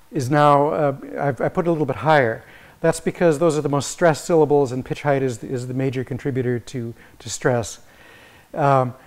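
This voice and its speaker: This man, a visiting music professor, gives an academic lecture in a lecture hall, halting and restarting frequently as he reasons through ideas. His voice sits in the mid-range with a darkish tone.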